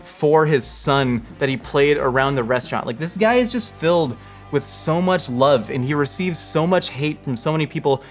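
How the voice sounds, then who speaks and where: Man, storyteller, animated, slightly high voice, faint music behind. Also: moderate pace. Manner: lively, acts out quoted voices. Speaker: host telling a personal story.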